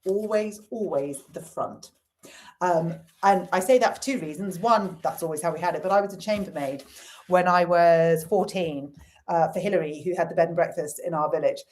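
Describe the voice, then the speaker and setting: A woman's voice: fairly low pitch, normal speed, a little mellow. A middle-aged woman chatting casually on a live stream, reading comments and swearing now and then. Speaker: livestream host.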